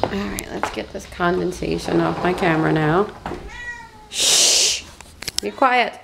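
A woman filming her cats on a handheld camera, coaxing them in baby talk and softly scolding them. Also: on the low side, measured pace, creaky. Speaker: cat owner filming her pets. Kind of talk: casual home video chat to pets. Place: house and outdoor porch. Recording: home camera with background noise.

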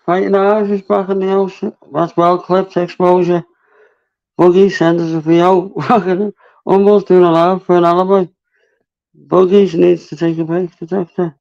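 Field: excitable high-voiced man hosting a live stream. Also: normal speed, creaky. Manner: excitable, laughing, swearing. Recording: dull lo-fi stream audio.

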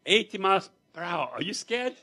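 A man's voice: on the high side, animated, fairly quick, pitched above the performer's own voice. A man voicing a boastful young man who keeps asking his passenger if he is scared. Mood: taunting.

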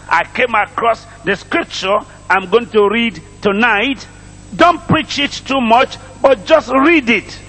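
A man's voice: sits high, a bit bright, breathy edge, in a large hall. A middle-aged man with a Nigerian accent, preaching a sermon, drawing calls and responses from the congregation and repeating his phrases. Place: church congregation.

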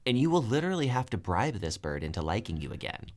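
A man's voice: medium pitch, sing-song, quick pace, darkish tone. A young man co-hosting a podcast, chatting casually and enthusiastically and jumping in with remarks. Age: young adult. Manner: enthusiastic, interjecting, laughs often. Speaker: podcast co-host. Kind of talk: casual chat.

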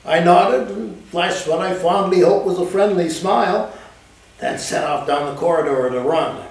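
A man reading aloud from his own novel in the first person, with lively, dramatic storytelling at a café event. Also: fairly high pitch. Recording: echoey room, mic at a distance.

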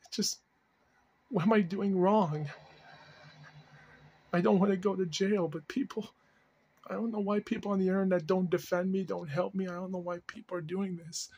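A man's voice: sits high, fairly even intonation, normal speed, pauses often, darkish tone, breathy edge, muffled recording. A man talking anxiously to camera in a vlog, repeating himself and sometimes dropping into panicked whispers. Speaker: vlogger. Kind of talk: distressed vlog monologue.

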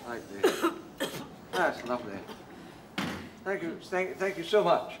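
A greedy Scottish traveller piling food onto his plate, gushing thanks at every spoonful. He sounds set back from the mic, with loud noise underneath. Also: fairly high pitch, lively intonation, measured pace, distant mic. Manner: greedy, effusive, fussing over food. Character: greedy, gushing middle-aged man ordering food. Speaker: hungry train passenger at a canteen. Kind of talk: 1980s TV sketch comedy acting.

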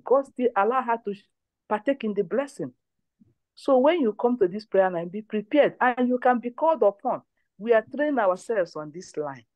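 Leading a prayer line, a woman gives testimony and exhortation, emphatically repeating phrases. Her voice is medium-pitched and a little mellow, captured in a dry recording.

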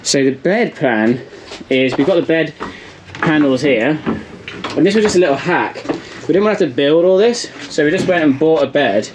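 A man's voice: a little high, expressive, normal speed, noisy background. An English man narrating a casual vlog as he works, chatty and full of ums and likes. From England. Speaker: vlogger.

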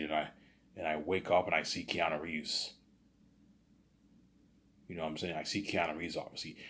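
A man telling a rambling imagined story in casual monologue, repeating filler phrases and swinging into loud excited bursts. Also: low-pitched. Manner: rambling, repeats "he's like" and "you know what I'm saying".

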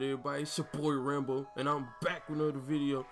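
A man giving excitable, slang-heavy commentary over his basketball video game, hyping his plays and trash-talking his teammates. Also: mid-range voice, fast talker, faint music behind. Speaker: gaming YouTuber. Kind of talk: gameplay commentary.

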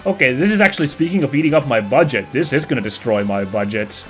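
A man's voice: medium pitch, expressive, quick pace, faint music behind. A young man casually commentating a game as he plays, rambling and correcting himself as he goes. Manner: rambling, self-correcting, chatty. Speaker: let's play host.

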